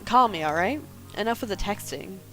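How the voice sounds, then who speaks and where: A woman's voice: mid-range voice, animated, brisk, a bit bright, faint music behind, natural voice. A woman reading as a breezy, chatty thirties friend.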